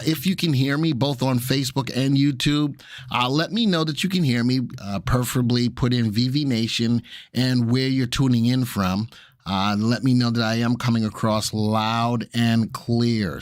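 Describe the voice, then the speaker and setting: Middle-aged New man, casual stream host, friendly banter, mid-pitched voice, dry close sound. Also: dry recording. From Brooklyn, New York. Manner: chatty, greets viewers by name, jokey asides. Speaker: livestream host and market instructor. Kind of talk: casual live-stream chat.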